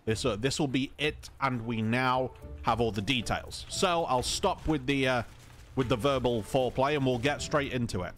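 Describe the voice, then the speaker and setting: A man from England with an English accent, calmly talking through a video game in casual commentary, polite and chatty. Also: medium pitch, moderate pace, faint music behind. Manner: calm, conversational, polite even when insulted. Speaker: gaming video host.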